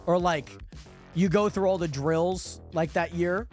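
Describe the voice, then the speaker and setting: A man's voice: high-pitched, fairly even intonation, measured pace, darkish tone, soft background music. A young man live-streaming a game, chatting casually and rambling with lots of fillers while greeting viewers by name. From Pacific Northwest.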